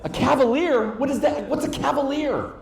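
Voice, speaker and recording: A man's voice: very high-pitched, moderate pace, vocal fry, noisy background. A man doing stand-up crowd work on stage, teasing audience members and laughing along as he goes. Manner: teasing, animated, bursts of laughter. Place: large cruise ship theater. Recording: roomy live theater with crowd.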